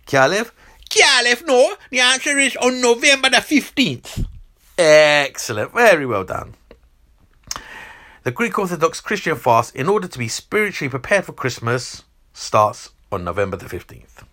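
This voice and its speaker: A man's voice: sits high, moderate pace. A man hosting a Christmas quiz, reading out multiple-choice questions and teasing the contestants. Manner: animated, teasing, reads multiple-choice options. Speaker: quiz host.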